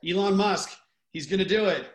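Man, slightly high voice, friendly teasing banter, echoey room sound. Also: normal speed. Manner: friendly, teasing, calls others dude and brother. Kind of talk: casual podcast conversation. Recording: roomy echo.

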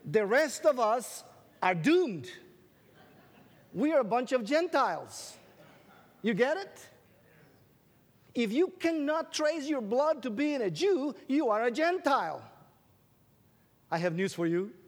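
A man's voice: extremely high pitch, big pitch swings, slow pace, long pauses. A man preaching a sermon to an audience, drawing out scripture phrases for emphasis and tossing in questions and jokes. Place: large hall with an audience. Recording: long reverb of a large hall.

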